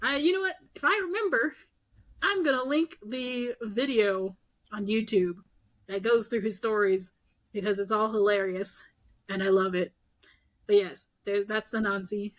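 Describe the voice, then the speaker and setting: A woman's voice: medium pitch, moderate pace. A young woman co-hosting a podcast, casually retelling myths and acting out the characters' lines. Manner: animated, acts out characters' lines with swearing and laughs. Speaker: podcast co-host. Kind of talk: casual storytelling chat.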